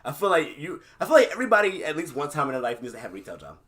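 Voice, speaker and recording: A man co-hosting a podcast, telling stories in animated casual chat, acting out quotes with loud outbursts and swearing. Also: on the high side, very fast. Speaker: podcast co-host.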